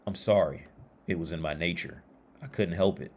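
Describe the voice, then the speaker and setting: A man voicing a smooth-talking male scorpion from a fable, in a casual, coaxing way. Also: low voice, moderate pace, a little hiss or hum. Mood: flat.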